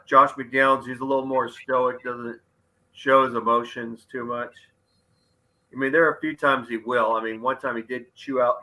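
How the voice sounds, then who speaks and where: A man in casual sports chat, agreeable, halting and repeating himself as he talks. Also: mid-range voice, pushed and bright, low-quality recording. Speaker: co-host.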